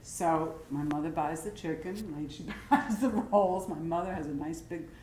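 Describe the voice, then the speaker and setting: An older woman telling family stories in an interview, animated and laughing often, acting out the people she quotes. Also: deep voice, normal speed. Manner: lively, laughs often, acts out quoted voices. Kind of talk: animated storytelling. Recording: echoey room with faint noise.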